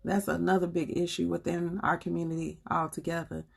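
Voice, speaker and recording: A woman's voice: fairly low pitch, level tone, brisk, creaky, breathy edge. A woman with a Southern US accent hosting a live stream, talking with viewers in an earnest, preachy and colloquial way. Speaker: livestream host. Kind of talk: casual live chat with viewers.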